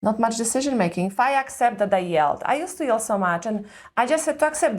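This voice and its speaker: A woman guest on a podcast, a parenting coach speaking calmly and reflectively, often murmuring agreement. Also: on the high side, fast talker, few pauses. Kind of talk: conversational interview.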